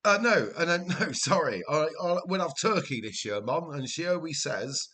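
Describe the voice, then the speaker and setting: A man's voice: medium pitch, sing-song, normal speed, few pauses, bright, forceful tone. A man with a Welsh accent hosting a live game stream, chatting casually, laughing often and telling rambling family stories. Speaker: livestream host. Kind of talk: casual livestream chat.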